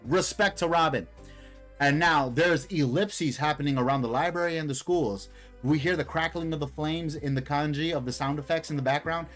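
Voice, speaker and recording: A man's voice: on the high side, normal speed, fairly bright tone, soft background music. A man hosting a casual live stream, reading a comic aloud and commenting in a slangy, hyped, rambling way. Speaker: streamer, host.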